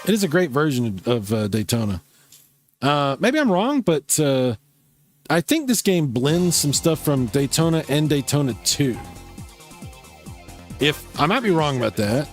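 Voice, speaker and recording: A man's voice: on the high side, sing-song, measured pace, faint music behind. A man hosting a casual live gaming stream, chatting and reacting to viewer comments while he plays. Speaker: livestream host.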